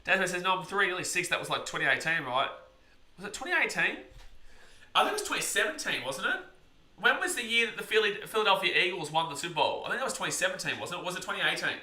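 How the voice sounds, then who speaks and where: Bright, excitable male stream commentator. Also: high voice, rapid-fire, roomy sound. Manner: excitable, shouts big plays, chats with viewers. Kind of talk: live play-by-play game reaction.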